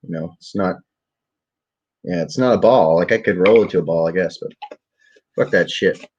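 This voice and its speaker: Laid-back young male vlogger, low voice, profane rambling storyteller; muffled home recording. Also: moderate pace, a little mellow, slight background noise. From Ottawa area, Canada. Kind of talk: casual storytelling. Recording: dull lo-fi webcam audio.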